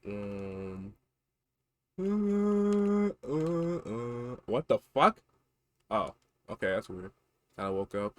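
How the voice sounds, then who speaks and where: Tired, mumbling male streamer, dry and slow. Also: sing-song, no room sound. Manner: low, mumbling, self-mocking asides. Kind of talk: casual game-stream commentary.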